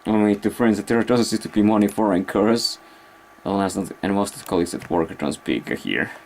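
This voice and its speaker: A man with a fairly low voice talks loosely to the camera in a casual vlog. He wanders from thought to thought, stopping and restarting as he searches for words. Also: a little fast, a little hiss or hum. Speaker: vlogger. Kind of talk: rambling casual vlog talk.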